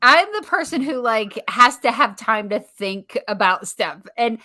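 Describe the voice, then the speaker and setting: A woman's voice: on the high side, lively intonation, unhurried, pushed and bright. A woman co-hosting a podcast, chatting casually and giggling at her own jokes. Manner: giggly, self-deprecating. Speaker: podcast co-host.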